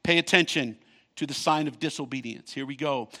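A male pastor preaching a sermon, reading scripture aloud and breaking in with quick comments of his own. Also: mid-range voice, pushed and bright. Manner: reads scripture, then comments with quick asides and laughs.

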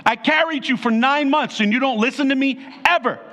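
This is a man putting on an exasperated South Jersey mother, raising the pitch and the volume as she scolds. Her complaints come fast, one after another. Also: sharp tone. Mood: exasperated scolding.

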